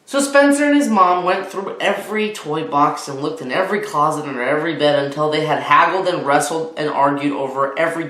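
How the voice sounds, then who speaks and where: A man, a teacher, reading a children's book aloud and talking warmly to young listeners. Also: fairly high pitch. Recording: roomy echo.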